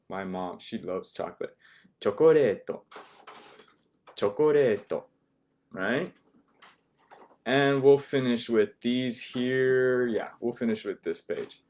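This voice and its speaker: A man teaching an online language class from home, slowly and patiently repeating each word for his learners. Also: mid-range voice, a little mellow.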